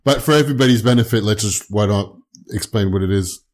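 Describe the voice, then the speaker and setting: Laid-back low-voiced male podcast host. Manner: relaxed, halting phrasing with restarts. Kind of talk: casual podcast interview.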